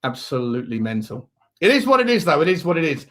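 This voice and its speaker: Man, watch-along host, fairly high voice, rambling chat. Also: very animated, quick pace, fairly bright tone. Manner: rambling, reads out viewer messages.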